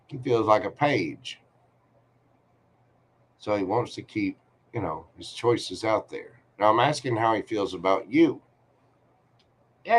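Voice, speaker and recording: On a livestream, a man reads tarot, speaking slowly and directly to the viewer in a chatty, reassuring way. His voice sits lowish and is slightly rough.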